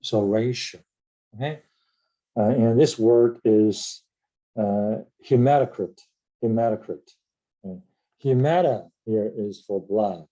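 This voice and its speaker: A man teaching an English vocabulary lesson, explaining word roots, spelling words out letter by letter and often checking with "right?" between pauses and filler sounds. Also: lowish voice, warm tone, rough recording.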